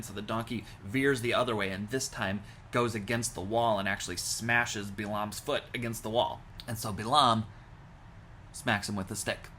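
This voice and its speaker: A rabbi retelling a scripture story as comedy, with wry, deadpan asides. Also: male voice, on the low side, slight background noise.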